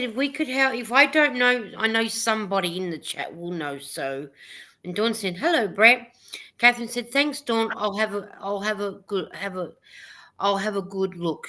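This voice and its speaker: A woman co-hosts a casual live chat, reading viewer comments aloud with easy laughter. Her voice is bright and forward. She talks in a warm, rambling, encouraging way. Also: mid-range voice. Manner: chatty, reads comments aloud, laughs often. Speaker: livestream co-host reading chat.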